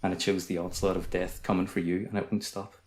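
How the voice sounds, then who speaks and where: Calm quick Northern Irish man. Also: low-pitched. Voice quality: calm, soothing. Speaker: podcast guest. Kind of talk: casual chat.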